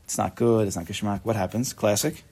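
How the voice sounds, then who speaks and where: A man's voice: fairly low pitch, fairly even intonation, fairly quick, a little mellow, breathy edge. A man giving a casual, chatty Torah class, joking and mixing Hebrew and Yiddish terms into his talk.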